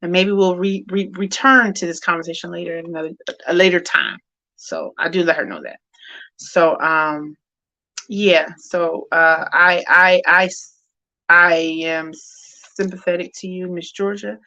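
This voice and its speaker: A middle-aged woman with a bright, forceful voice sits low in her register as she hosts a grief talk. Her speech is candid and rambling, full of fillers and restarts. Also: fairly even intonation, measured pace. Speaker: host of a women's grief discussion. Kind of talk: casual heartfelt chat.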